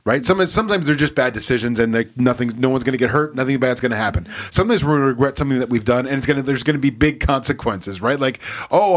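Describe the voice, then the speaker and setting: A man, a pastor, in casual podcast talk, rambling with many fillers and reading scripture aloud. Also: medium pitch.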